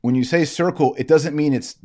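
Seated at his desk with his screen shared, a Bible teacher gives an online lecture, talking through verses conversationally and answering his own rhetorical questions. His voice is on the high side and somewhat darkish in tone, and he speaks a little fast.

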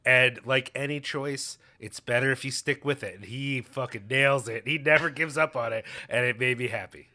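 A man's voice: medium pitch, moderate pace, few pauses, sharp tone. A man co-hosting a podcast, chatting casually and joking with laughs. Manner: laughing, jokey. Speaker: podcast co-host.

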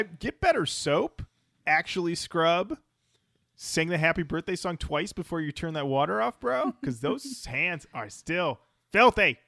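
A man's voice: sits high, vocal fry, sharp tone, no room sound, clean studio sound. A man co-hosting a podcast, making wry, mocking asides in a casual chat. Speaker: podcast co-host.

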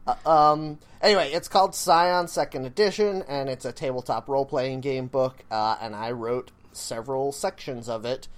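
A man's voice: mid-range voice, moderate pace, few pauses. Rambling podcast co-host, man. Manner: rambling, self-deprecating, many fillers. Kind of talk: casual chat.

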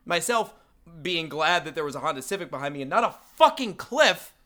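A man casually telling a story to friends on a podcast, loud and animated, swearing freely. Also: fairly high pitch, a little fast. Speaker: podcast co-host.

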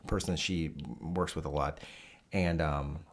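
A man co-hosting a podcast in casual chat. He talks in an excitable, profane way and builds into rants. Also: a bass voice, normal speed. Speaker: podcast co-host.

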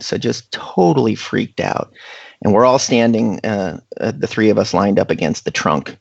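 Chatty storyteller, gravelly and husky man, dull lo-fi sound. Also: lowish voice, normal speed. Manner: animated, chatty, full of fillers. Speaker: guest storyteller. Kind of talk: casual anecdote.

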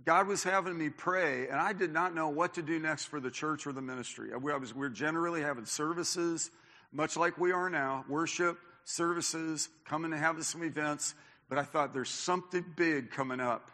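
A man's voice: fairly high pitch, moderate pace. A male pastor preaching a sermon in a church, telling personal stories, acting out what people said, with many restarts. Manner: animated storyteller, acts out quotes, many restarts. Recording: long reverb of a church hall.

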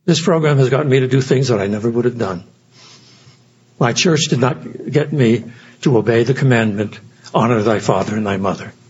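A man's voice: mid-range voice, normal speed, a little mellow, muffled recording, slight background noise. An older man giving an earnest, reflective personal talk at a recovery meeting. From United States. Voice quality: very husky.

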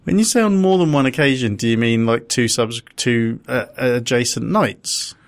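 A man co-hosting a podcast in casual banter, loud and playful, making silly noises, on a studio microphone. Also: mid-range voice, normal speed. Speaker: podcast co-host.

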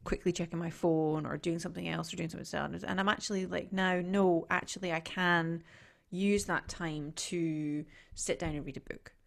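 Middle-aged female co-host, low gravelly voice, loose conversational delivery with restarts. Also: steady tone, moderate pace, few pauses. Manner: chatty, trailing off, restarts a lot. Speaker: podcast co-host. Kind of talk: casual chat.

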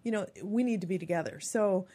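Woman, 50s, radio guest, chatty and expressive storyteller. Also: mid-range voice, a little fast. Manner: chatty and expressive, acts out quotes in lively voices. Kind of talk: personal storytelling on a radio talk show.

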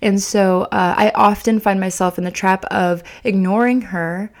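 Candid young mom with vocal fry. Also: female voice, mid-range voice, steady tone, normal speed. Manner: candid, confessional, many fillers and restarts. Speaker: podcast host. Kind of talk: casual personal podcast talk.

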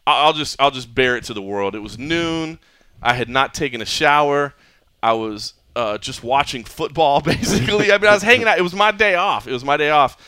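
Bright-voiced man hosting a podcast. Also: fairly high pitch, fairly quick, smooth, no room sound. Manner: animated storyteller, acts out others' lines. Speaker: podcast host. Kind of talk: casual podcast chat.

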